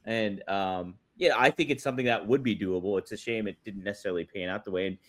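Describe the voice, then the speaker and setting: A man's voice: fairly low pitch, quick pace. A man co-hosting a podcast in casual chat, easygoing and thinking aloud. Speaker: podcast co-host.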